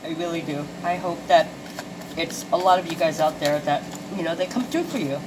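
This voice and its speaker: A woman's voice: fairly low pitch, a little fast, background noise. A woman doing a casual tarot card reading for her viewers. She talks chattily, swears freely and exclaims at the cards she draws.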